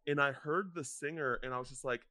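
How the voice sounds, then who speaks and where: A man's voice: mid-range voice, a little fast, bright, forceful tone, soft background music. A young man rambling in casual podcast chat, filling his talk with "like" as he goes. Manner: rambling, full of "like" fillers. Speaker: podcast co-host.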